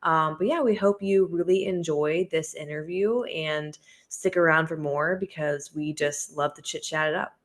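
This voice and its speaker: A woman's voice: deep voice, fairly even intonation, moderate pace, hardly any pauses. A woman co-hosting a casual health podcast, a fitness coach who talks in a chatty way, with lots of ums and likes. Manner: chatty, many ums and likes, laughs easily.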